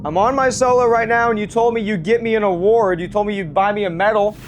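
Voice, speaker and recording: A young man vlogging alone in an old house at night, addressing spirits quietly and shrieking and swearing when startled, hoarse from screaming. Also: high-pitched, fast, dull audio, a little hiss or hum. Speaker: ghost-hunting vlogger. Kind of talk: excited paranormal vlog.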